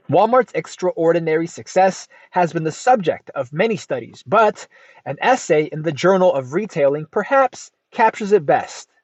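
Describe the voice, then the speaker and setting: A man's voice: on the high side, a little mellow, no room sound. American man reading aloud, dull dry sound. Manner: deliberate reading, says "quote" aloud before quotations. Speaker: podcast host. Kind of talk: reading a nonfiction book aloud with commentary.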